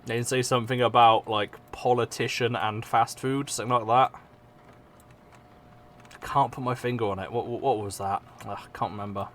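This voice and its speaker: A man's voice: mid-range voice, fairly even intonation, moderate pace, a bit bright. A young man with an English accent streams casually, rambling, swearing often and mocking himself. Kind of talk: casual live-stream chat.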